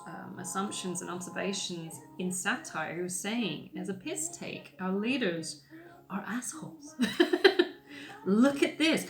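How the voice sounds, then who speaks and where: A woman's voice: mid-range voice, creaky, fairly bright tone. Woman, podcast host, blunt, sarcastic, sweary, rambling, echoey room. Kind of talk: casual opinion monologue while painting. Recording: roomy echoey room sound.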